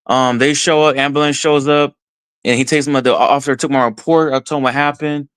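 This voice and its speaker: A man from Texas, a podcast guest, telling a story in an excited first-person way and voicing his own thoughts along the way. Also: mid-range voice, fairly quick, smooth, dry recording. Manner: excited, retells events with quoted self-talk.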